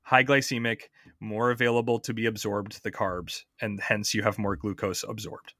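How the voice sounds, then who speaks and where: A man's voice: fairly low pitch, flat delivery, normal speed, bright, forceful tone, no echo, studio quality. A man hosting a podcast, explaining science in a chatty way, quizzing his co-host and often restarting his sentences.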